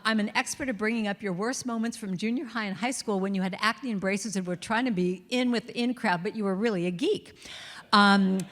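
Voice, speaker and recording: A woman voicing her nagging female inner critic, a tireless worrier who brisk-ly lists her skills in a hall with long reverb. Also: medium pitch, a bit bright, close to an everyday voice.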